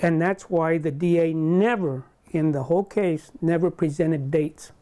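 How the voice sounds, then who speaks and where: Older man, mellow halting storyteller. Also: a little high, steady tone. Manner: halting, with many restarts and quoted dialogue. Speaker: interviewee. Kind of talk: recounting a personal story in an interview.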